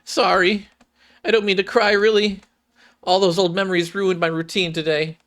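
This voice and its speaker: A man's voice: a little high, normal speed, fairly bright tone, voice pushed up, natural voice. A man voicing a timid, tearful young female android fighter who stammers and pities herself. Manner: stammering, self-pitying.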